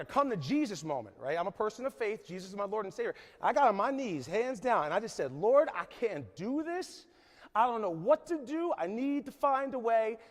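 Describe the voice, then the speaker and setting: A man's voice: high-pitched, long reverb tail. A man in his forties from New Jersey giving an emphatic motivational talk at a conference, often checking in with the crowd. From New Jersey, USA. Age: 40s. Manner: emphatic, keeps asking the crowd "right?". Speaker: conference speaker. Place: large conference hall.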